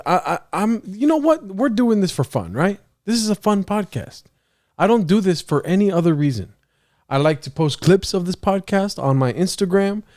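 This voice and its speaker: A man's voice: high voice, darkish tone. A young man hosting a casual solo podcast, rambling, joking at his own expense and laughing often. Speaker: podcast host.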